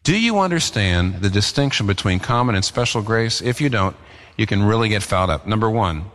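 A man preaching a sermon as pastor, earnest and emphatic, his pitch rising and falling as he presses his points. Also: lively intonation, a little fast, fairly bright tone, big-room sound.

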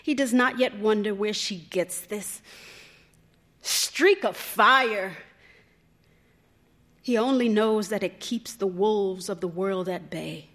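A woman reading a literary short story aloud on stage, measured, her voice sometimes sinking to a near whisper. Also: mid-range voice. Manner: measured, drops softly to near whisper at times. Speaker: reader. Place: live stage performance.

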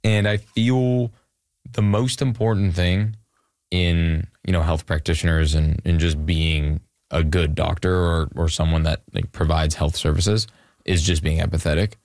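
A man's voice: low voice, unhurried, no echo, clean studio sound. A young man in his twenties from Canada, a musician talking casually in a rambling way with lots of fillers. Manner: relaxed, rambling with many fillers. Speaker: musician guest. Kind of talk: casual interview chat.

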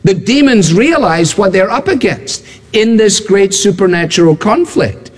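A pastor preaches a sermon in a large hall, his voice sitting high with lively intonation at a measured pace. He's emphatic, building his points with repeated phrases and rhetorical questions aimed at the congregation.

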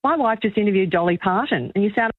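A woman's voice: mid-range voice, animated, no room sound. An older woman phones in to talk radio, her voice thin and tinny down a dry phone line. She is moved, and her chatty story keeps stopping and starting. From Australia. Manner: chatty, halting, with many restarts. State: emotional. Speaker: caller, magazine journalist. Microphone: telephone.

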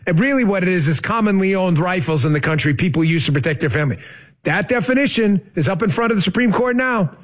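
Male show host, high-pitched voice, combative and sarcastic political commentary. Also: lively intonation, fast talker. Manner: combative, sarcastic, rising to heated outbursts.

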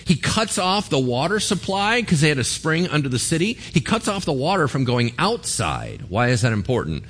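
A man preaching a sermon in a lively conversational way, asking the congregation rhetorical questions. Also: fairly high pitch, moderate pace, husky. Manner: animated, conversational, asks the crowd rhetorical questions. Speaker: pastor.

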